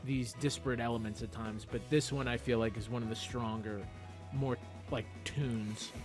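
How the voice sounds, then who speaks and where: Guy co-hosting an album review, opinionated, normal pitch, song playing soft in the back. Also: steady tone, moderate pace, music in the background. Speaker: music review co-host. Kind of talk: casual album review chat. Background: album playing faintly.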